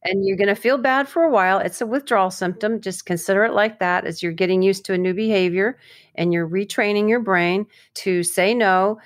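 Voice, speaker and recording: Brief: woman, advice podcast co-host, brisk and explanatory, dry and close. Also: mid-range voice, dry recording. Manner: brisk, explanatory, playful wordplay. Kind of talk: casual advice chat.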